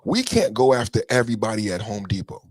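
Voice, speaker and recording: A man putting on a calm male border official who makes a polite, measured request. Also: fairly low pitch, dry recording, pitched below the performer's own voice.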